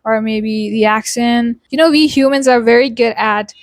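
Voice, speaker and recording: A woman's voice: on the high side, normal speed, no room sound, studio quality. A young woman from India with an Indian English accent leaning American, chatting casually in an accent tutorial with tag questions and fillers. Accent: Indian English shaped toward American. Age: young adult. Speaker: YouTuber teaching accent.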